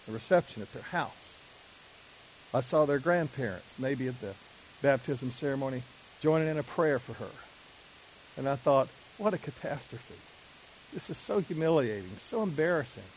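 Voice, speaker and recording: A middle-aged man speaks in an easygoing, conversational preaching style, slipping into the voices of the people in his stories. His pitch sits in an ordinary middle range. A faint hiss runs under the recording. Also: darkish tone, poor audio. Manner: conversational, acts out dialogue with fillers. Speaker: speaker at a men's ministry. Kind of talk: sermon-like storytelling talk.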